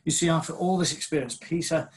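A man's voice: a little high, fast talker, slightly rough. A man preaching a sermon, leading a prayer and then teaching earnestly through a Bible passage.

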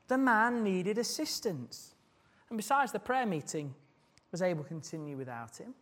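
A man preaching a sermon, earnest and putting questions to the congregation. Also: sits high.

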